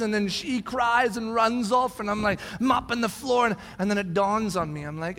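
A man in his forties, a pastor, preaching a sermon with animated storytelling. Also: very high voice, moderate pace, gravelly, hardly any pauses. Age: 40s. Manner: animated storytelling, acts out shouted quotes. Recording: long hall reverb.

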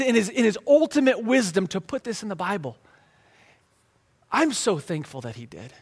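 A man's voice: high voice, a bit bright, husky. A man preaching a sermon in a conversational, emphatic way, often restarting and repeating words. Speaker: pastor.

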